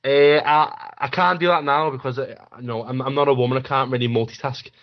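Man, radio host, casual, sweary, laughs a lot, mid pitch. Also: fairly even intonation, brisk, lo-fi sound.

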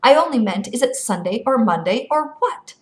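A woman's voice: medium pitch, moderate pace, close to an everyday voice. A woman voicing an earnest young boy messenger from a storybook, pressing his questions in an anxious, impatient way. He tries hard to stay polite and official.

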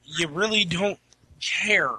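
A man's voice: high-pitched, takes it slowly, bright, forceful tone, breathy edge, no echo, poor audio. A man co-hosting a podcast, talking in a brash, profane, teasing way in casual chat. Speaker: podcast co-host.

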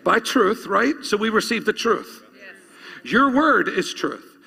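A man's voice: sits high, lively intonation, slow pace, gravelly, sharp tone, breathy edge. A male pastor preaching a sermon, reading scripture aloud and urging the congregation to repeat lines after him. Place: church. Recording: long reverb of a church hall.

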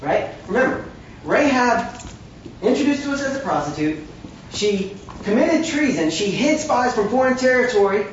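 Heard from far off in a big room, this preacher's mid-range voice carries an emphatic, chatty sermon with wry asides. There's a little hiss or hum, and the audio comes across very echoey, remote from the mic and dull.

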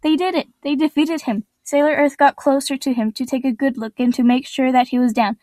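A woman's voice: high voice, steady tone, a little fast, dark tone, dry recording. A woman reading her own adventure story aloud in a plain, earnest storytelling voice.

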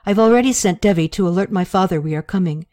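A woman's voice: on the low side, fast, warm tone, no room sound, studio quality, natural voice. A woman reading the part of a young prince and commander, speaking in a hesitant, earnest way in an audiobook. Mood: urgent.

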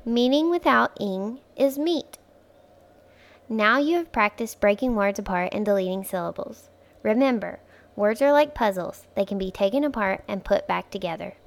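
A woman hosting a phonics lesson for young children, speaking clearly and patiently, stretching words out syllable by syllable and encouraging the listener. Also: mid-range voice, moderate pace. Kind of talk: slow, clear instructional speech for young children.

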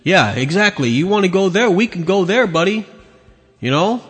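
A man's voice: high-pitched, expressive, moderate pace, fairly bright tone, slightly rough. A man hosting a podcast, ranting angrily and crudely as he comments on video clips. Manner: angry, profane, mocking. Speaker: podcast host. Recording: long hall reverb.

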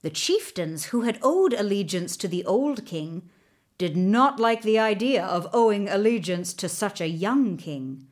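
Brief: woman narrator, slow and expressive, storybook reading. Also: medium pitch. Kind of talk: scripted narration.

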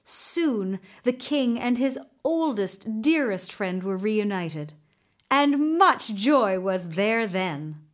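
A woman narrating a children's storybook in a gentle, measured way. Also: mid-range voice, lively intonation.

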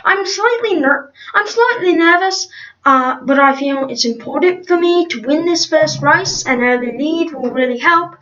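A woman's voice: high-pitched, expressive, normal speed, bright, forceful tone, distant mic, highs cut off. A woman voicing a nervous but determined young male race contestant. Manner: nervous, earnest.

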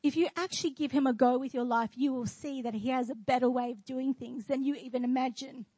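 A woman's voice: sits high, fairly even intonation, a little fast, warm tone, slightly rough, no room sound, low-quality recording. A woman pastor preaching a sermon in church, declaring and asking the congregation questions.

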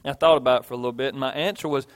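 A man's voice: medium pitch, steady tone, racing, clean tone. A male pastor, preaching a sermon in a folksy way, with homey stories and emphatic repetition.

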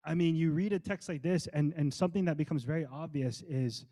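A man's voice: fairly high pitch, dark tone. Impassioned man preaching a sermon. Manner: impassioned, rhetorical questions, swings between quick and slow emphatic delivery. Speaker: pastor.

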